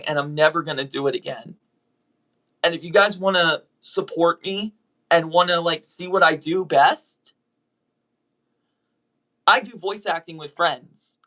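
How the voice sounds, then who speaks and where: A YouTube voice actor speaking directly to viewers in an apology video, earnest and halting, often restarting sentences while saying sorry. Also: mid-range voice, pushed and bright.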